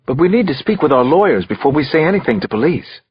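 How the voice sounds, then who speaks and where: A man's voice: fairly high pitch, sing-song, fast, husky, muffled recording, voice pushed up. Man voicing a haughty rich young man. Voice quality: haughty, formal. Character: privileged young man, smug.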